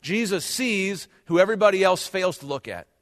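A man's voice: sits high, animated, a little fast. Male pastor preaching in a reverberant hall. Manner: conversational preaching, addresses the congregation directly. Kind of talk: sermon. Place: church hall with congregation.

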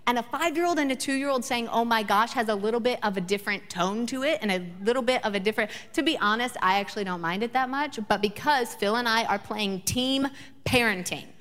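A woman in her thirties delivers a sermon, her voice a little higher than most. She builds passionate repeated phrases, then slips into relaxed storytelling. The sound carries a long hall reverb. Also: brisk. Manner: emphatic repetition, rising passion. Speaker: pastor. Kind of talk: sermon with personal stories.

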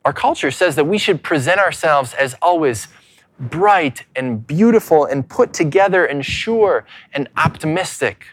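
Earnest man preaching, pitch swinging widely. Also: animated, measured pace. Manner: earnest preaching, swings between loud emphasis and hushed lows; frequent repeated words and restarts. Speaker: pastor. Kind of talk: sermon.

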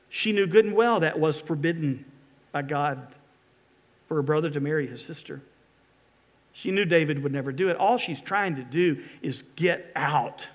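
A man's voice: on the high side, lively intonation, moderate pace. A middle-aged man preaching a sermon as pastor, reading scripture with dramatic emphatic pleas.

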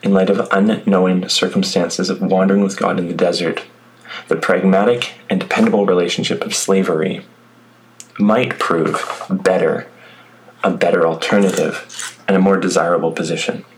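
A man with a very low voice preaches a sermon. He reads scripture aloud and then talks it over in an easy, conversational way. A faint hiss of noise sits behind him. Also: steady tone, moderate pace, poor audio. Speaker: pastor.

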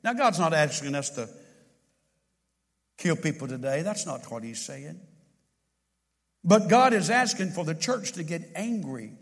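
A man preaching a sermon in a church, impassioned, swinging from loud to hushed. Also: a little high, long reverb tail.

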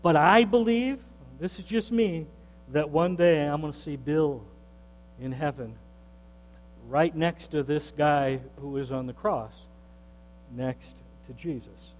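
A pastor's somewhat high male voice carries through a church hall with long reverb, with a faint mains hum underneath. He preaches conversationally, like he's telling a story, and grows animated when he quotes others. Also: slow. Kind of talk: sermon storytelling. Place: church sanctuary.

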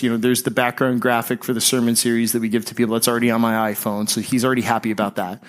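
In a medium-pitched voice, a pastor delivers his sermon in a conversational way, easing his pace and softening his tone whenever he reaches a key phrase.

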